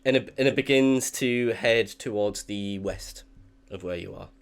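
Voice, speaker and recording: Low-voiced young man running a game. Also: unhurried, smooth. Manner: relaxed, hesitant narration, full of fillers. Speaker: dungeon master. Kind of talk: narrating a tabletop game.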